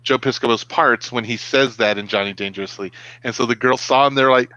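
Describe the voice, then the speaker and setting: A man's voice: medium pitch, brisk, sharp tone, no room sound, dull audio. A middle-aged man co-hosting a live web show, chatting casually and acting out what his kids say. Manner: storytelling, acts out quotes from his kids. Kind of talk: casual live-stream chat.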